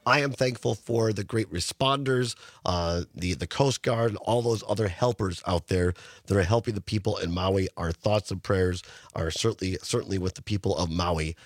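Sick radio host guy, scratchy husky voice, dry studio sound, rambles a bit. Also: sits low, moderate pace, no room sound. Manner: chatty, with many fillers and restarts. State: hoarse from illness. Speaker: radio talk show host. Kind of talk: casual radio talk.

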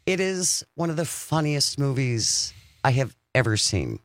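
Lively, animated male radio host. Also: mid-range voice, measured pace, no room sound. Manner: animated, reads out the phone number and listener texts. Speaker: radio talk show host. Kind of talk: casual radio chat.

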